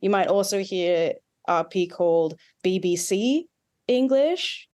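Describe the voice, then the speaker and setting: A woman's voice: lowish voice, lively intonation, takes it slowly, darkish tone. A woman with an Australian accent, a dialect coach, explaining at length with asides and examples in an interview. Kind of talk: expert interview.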